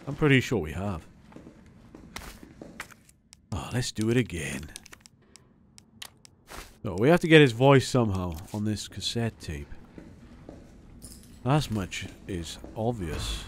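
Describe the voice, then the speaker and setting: A man giving gameplay commentary as a let's play host; he is excitable and jokey and swears a lot. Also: fairly low pitch, unhurried, long pauses, a little hiss or hum.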